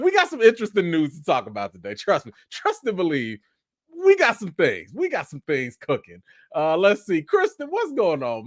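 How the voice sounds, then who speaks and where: A man hosts a casual live stream, rattling off shout-outs to his viewers in an upbeat, chatty way. His pitch swings up and down a great deal, and he sits slightly high for a man. The sound is close and dry, with almost no room around it. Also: dry recording. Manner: laughs often, lively and chatty. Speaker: host of a live movie news chat.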